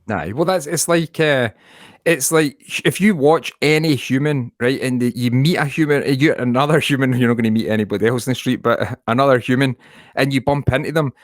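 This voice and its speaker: A podcast co-host chats casually, rambling, swearing and laughing often. He speaks briskly in a mid-range voice, and the recording is dry and clean, studio-quality.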